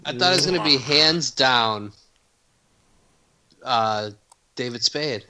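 A man with a very bright, sharp, tense voice, talking animatedly on a podcast and swearing freely. His pitch sits in the middle range. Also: takes it slowly. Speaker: podcast co-host. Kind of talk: casual chat.

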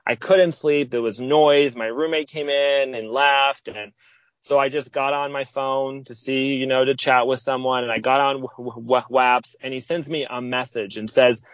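A man's voice: moderate pace, dry recording. Man telling a story on dull lo-fi audio. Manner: lively, acts out quoted speech with sudden pitch jumps. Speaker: podcast guest. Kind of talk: casual storytelling.

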